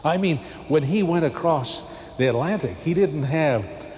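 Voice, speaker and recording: A male pastor giving a televised sermon in a large church, folksy and animated with emphatic peaks. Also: on the high side, unhurried. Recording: long cathedral echo, faint ambience.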